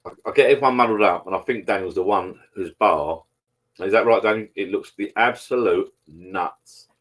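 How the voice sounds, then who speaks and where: A man's voice: fairly low pitch, moderate pace, fairly bright tone. A man hosting a live stream, chatting casually and rambling over beers, swearing freely as he talks to viewers.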